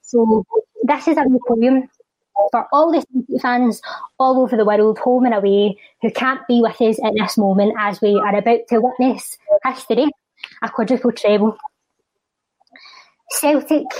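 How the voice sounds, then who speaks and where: A woman's voice: a little high, a little mellow, no room sound, poor audio. Scottish woman, rhythmic spoken word delivery. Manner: rhythmic recital, then quick chatty talk. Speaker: charity guest and spoken word poet. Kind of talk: spoken word poem and casual chat.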